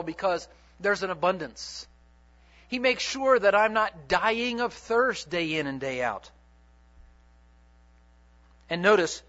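High bright-voiced man preaching a sermon. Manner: dramatic, repetitive preaching with big swings in loudness and pace. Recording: dull lo-fi sermon recording.

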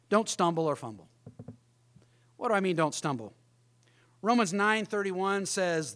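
A man's voice: high voice, fairly bright tone. A middle-aged man preaching a sermon as pastor, emphatic, often acting out the voices of others.

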